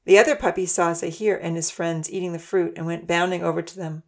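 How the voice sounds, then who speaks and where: Woman narrating a children's story, low voice. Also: level tone, brisk.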